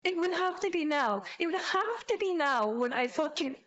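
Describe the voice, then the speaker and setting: A young woman streamer reacting out loud, her voice sitting a little high as she rambles excitably and swears freely. Her casual commentary runs loose and unpolished, with talk that tumbles forward in bursts. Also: moderate pace, highs cut off. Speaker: VTuber streamer.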